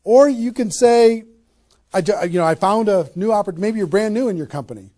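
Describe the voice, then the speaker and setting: A man with a high-pitched voice leads a motivational sales seminar. He talks with punchy emphasis and fires off rhetorical questions to a small live audience. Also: lively intonation, fairly quick, dark tone. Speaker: network marketing trainer.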